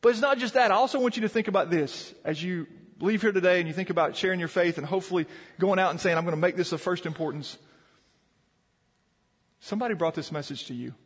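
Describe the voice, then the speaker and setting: A man's voice: sits high, fast, breathy edge, big-room sound. A man preaching a sermon as pastor, earnest and often repeating words as he builds emphasis. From Virginia mountains.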